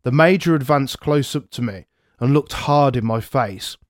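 A man narrating a historical memoir aloud, in a measured first-person storytelling manner. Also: mid-range voice, dry recording, clean studio sound. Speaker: podcast narrator.

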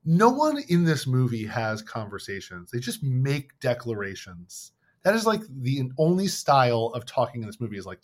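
A man chatting at a quick clip on a podcast, recapping a film with plenty of fillers and restarts. His pitch sits in the middle of the range, and he jumps into goofy voices to act out the characters' lines. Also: very animated. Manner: rambling, filler-heavy, acts out quotes in silly voices. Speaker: podcast co-host. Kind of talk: casual movie recap chat.

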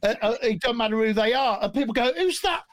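Brief: man, guest storyteller, animated and jokey, dry close sound. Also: sits high, fast, no echo. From England. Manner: animated, jokey, swears freely. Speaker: guest musician. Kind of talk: casual storytelling interview.

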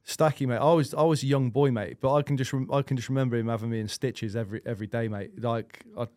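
Fast-talking man telling stories. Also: medium pitch, steady tone, a little mellow, dry recording. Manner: chatty, rambling anecdotes with frequent restarts and swearing. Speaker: guest goalkeeper. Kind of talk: casual storytelling chat.

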